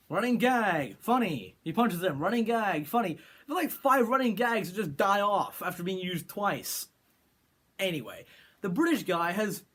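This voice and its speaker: High-voiced sarcastic young man reviewing films. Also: fairly bright tone. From California. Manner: sarcastic, rambling with restarts. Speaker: film reviewer. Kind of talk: opinionated movie review rant.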